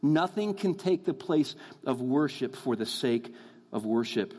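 A man preaching a sermon in a church, earnest, calling his listeners "folks" and slowing down to stress his points. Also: medium pitch, animated, a little mellow, husky. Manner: earnest, addresses the crowd as folks, slows down for emphasis. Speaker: guest preacher. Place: church sanctuary. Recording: long hall reverb.

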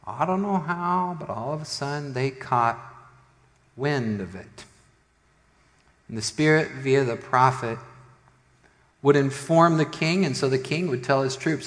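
Pastor guy preaching slow, does little voices for the story people, echo from a big church hall. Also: medium pitch. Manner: animated retelling, acting out the characters. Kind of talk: sermon storytelling. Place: church sanctuary. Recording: long hall reverb.

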